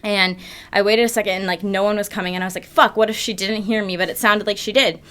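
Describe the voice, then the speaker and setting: A woman's voice: medium pitch, steady tone, quick pace, a bit bright, clean tone. A young woman vlogging to camera, telling a story in a breathless, casual way, full of "like" and swearing. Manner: breathless, filler-heavy, peppered with "like" and swearing. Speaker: YouTube vlogger.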